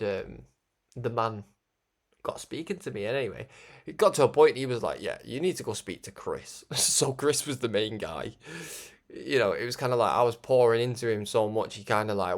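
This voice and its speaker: A young man hosting a religious broadcast, talking in a rambling, animated way with frequent laughs. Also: medium pitch. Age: young adult. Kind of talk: casual spoken monologue.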